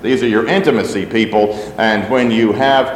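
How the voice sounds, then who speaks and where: A pastor with a lowish voice speaks at normal speed, with slight background noise. He preaches loosely and conversationally to his congregation, full of asides and fillers, and the roomy sanctuary adds a long reverb.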